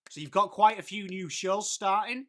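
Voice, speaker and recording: Man, English accent, late thirties, stream host, high voice, chatty, calls everyone mate. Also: fairly even intonation, normal speed, pushed and bright. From England. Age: late 30s. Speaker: livestream host. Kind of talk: casual live-stream chat.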